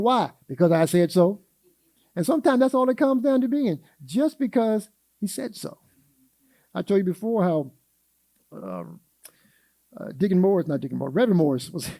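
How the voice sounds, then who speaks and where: A man's voice: sits high, creaky, mellow, no echo. A man teaching a church Sunday school lesson in a folksy way, asking the class questions and acting out quotes.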